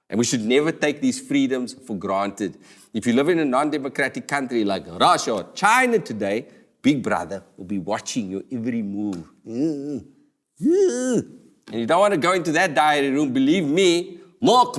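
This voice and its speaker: A man hosting a comedy talk show, delivering a playful scripted monologue with sudden high exclamations. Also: big pitch swings, moderate pace.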